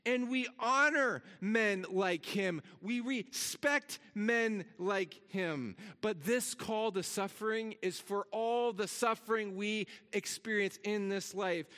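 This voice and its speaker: High-voiced preacher in an echoing hall. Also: male voice, slow pace, hardly any pauses, pushed and bright. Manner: earnest, repeats words, rises in pitch for emphasis. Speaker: pastor. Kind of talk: sermon. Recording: long hall reverb.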